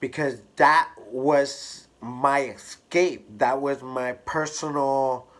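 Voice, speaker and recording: Slow-talking man telling a personal story. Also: medium pitch. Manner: candid, expressive, drawn-out storytelling with fillers. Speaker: hairstylist vlogger.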